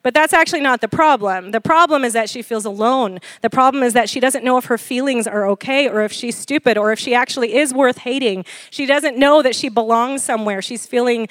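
A woman in her forties preaching a sermon, animated and laughing often as she questions the congregation. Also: fairly high pitch, normal speed, no room sound, studio quality. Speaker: pastor.

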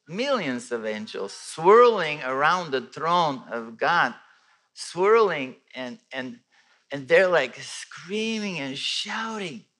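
A man from Bulgaria telling a personal faith testimony in animated storytelling, with many restarts and a voice that rises and falls. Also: mid-range voice. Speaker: testimony speaker.

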